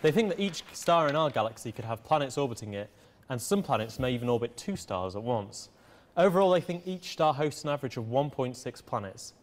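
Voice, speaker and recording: Young male co-host, steady earnest science news read, mid pitch. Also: brisk. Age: young adult. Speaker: co-host called Prof. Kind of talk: scripted science news reading.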